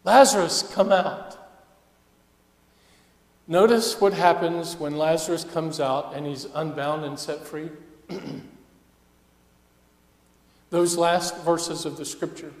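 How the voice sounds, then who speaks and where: A male pastor preaching a sermon with passion, dropping to a hush and then rising to loud emphasis. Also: fairly high pitch, steady tone, measured pace. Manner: impassioned preaching, swinging between hushed and loud. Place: church sanctuary. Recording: echoey church hall.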